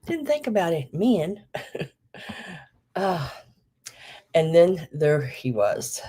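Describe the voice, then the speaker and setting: A woman's voice: a bass voice, darkish tone. A woman hosting a live vintage sale, chatting casually and rambling with many ums, a bit out of breath. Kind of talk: casual live-stream chat.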